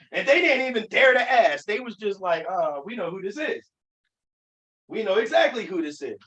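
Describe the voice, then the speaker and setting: A man's voice: very high-pitched, a bit bright, echoey room, far from the mic, poor audio. A man giving an emphatic Bible lesson, often restarting his sentences. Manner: emphatic, with many restarts and fillers. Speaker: Bible teacher. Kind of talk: teaching sermon.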